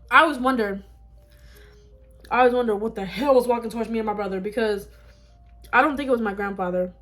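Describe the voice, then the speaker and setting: A young woman telling a story on her mukbang vlog in a casual, animated, dramatic way, with bursts of laughter. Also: a little high. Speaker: vlogger. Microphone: phone.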